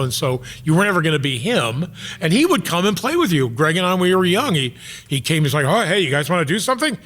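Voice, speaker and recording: An American man from the Bay Area, a comedian guest telling animated anecdotes in casual chat and acting out the voices. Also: on the high side. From San Francisco Bay Area. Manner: animated storyteller, acts out voices.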